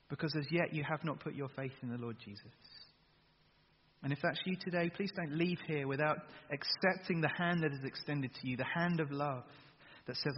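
A man's voice: fairly high pitch, fairly quick, husky. A man preaching an earnest sermon to a congregation, full of emphatic rhetorical questions. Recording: dull sound with long hall reverb.

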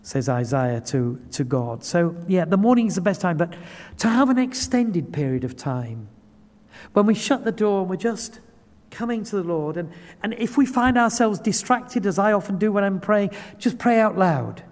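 A man's voice: sits high, animated, normal speed. A man preaching a sermon, earnest and building to impassioned pleading. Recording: long hall reverb.

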